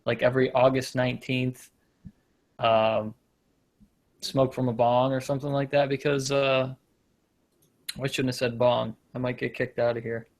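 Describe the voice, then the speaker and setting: A man's voice: medium pitch, little pitch movement, unhurried, pauses often. Rambling joking man hosting a show. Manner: rambling, self-deprecating, loses his point. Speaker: podcast host. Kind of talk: casual comedic banter.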